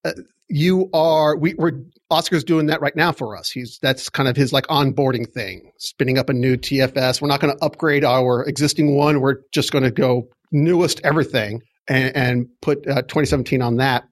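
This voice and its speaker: A man's voice: medium pitch, fairly even intonation, normal speed. A middle-aged man hosting a casual tech podcast, talking in a rambling, chatty way and often correcting himself mid-sentence. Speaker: podcast host.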